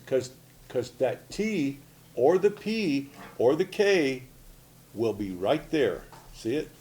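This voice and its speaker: A man in his sixties from Oklahoma teaches a spoken lesson, his voice sitting at an ordinary middle pitch. He talks simply and repeats himself, often pausing to ask "okay?" or "see?". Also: dark tone. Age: 60s. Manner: plain-spoken, repetitive, frequent "okay?" and "see?" checks. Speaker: language teacher.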